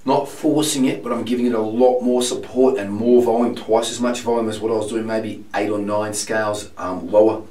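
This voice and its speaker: A man teaching singing while hoarse and sick with laryngitis, explaining frankly with many filler ums. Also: lowish voice, steady tone, brisk, few pauses, roomy sound, distant mic, low-quality recording. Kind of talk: vocal lesson demonstration.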